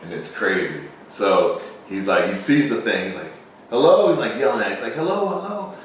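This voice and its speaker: A man with a deep voice talks a little fast in a casual chat, a rambling storyteller who acts out quotes. The recording has an echoey room sound, a distant mic and faint hiss.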